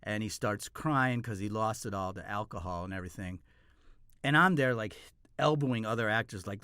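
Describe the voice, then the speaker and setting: A young man telling a comic personal story, animated, swinging from hushed asides to loud outbursts. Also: lowish voice, moderate pace, no room sound, studio quality.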